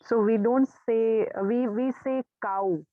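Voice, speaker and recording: A woman's voice: fairly high pitch, steady tone, slow pace, no echo. A woman with an Indian accent, a student in an online class, carefully explaining how she pronounces a word over a video call. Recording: tinny phone-like call line.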